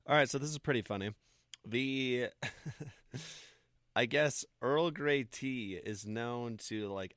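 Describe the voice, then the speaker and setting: A man co-hosting a casual podcast, rambling along loosely and laughing between thoughts. His voice is smooth and resonant, though a little off today. The sound is dry and close. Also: medium pitch, fairly bright tone, no room sound. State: voice a bit off. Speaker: podcast co-host. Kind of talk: casual chat.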